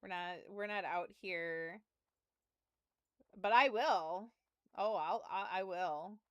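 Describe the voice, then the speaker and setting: A woman's voice: fairly low pitch, slow, a bit bright, clean tone, no echo, highs cut off. A young adult woman streaming from home, telling a story in casual chat with laughs and profanity, close to her mic. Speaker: game streamer.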